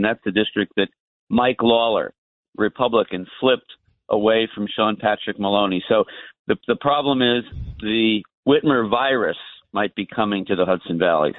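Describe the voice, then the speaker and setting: A man's voice: on the low side, no room sound. A man calling in to a radio show, speaking in a matter-of-fact way. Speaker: caller. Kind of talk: phone call to radio show. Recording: tinny phone line.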